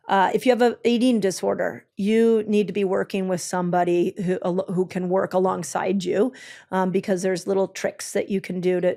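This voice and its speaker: This health expert, who has her own clinic, has a medium-pitched voice that's gravelly and a little mellow. She explains her ideas eagerly and step by step in a conversational way, full of ums and restarts.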